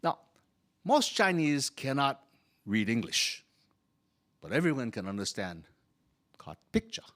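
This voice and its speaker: A man's voice: medium pitch, sing-song, measured pace, pauses often, a bit bright. A man storyteller playing a humble, good-humored Chinese immigrant laborer who speaks in broken English. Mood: wistful. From Hawaii. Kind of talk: first-person character storytelling.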